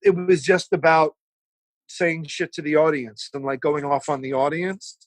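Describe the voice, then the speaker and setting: A man's voice: fairly high pitch, steady tone, normal speed, no echo, low-quality recording. A man in his forties, a guest on a remote podcast, chatting animatedly and swearing freely. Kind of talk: casual chat. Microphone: remote call setup.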